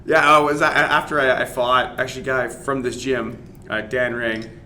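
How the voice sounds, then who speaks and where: Bright-voiced man telling a rowdy story. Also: medium pitch, normal speed, slight background noise. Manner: animated, swears, acts out dialogue, laughs while telling. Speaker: podcast guest, MMA fighter. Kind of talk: casual storytelling.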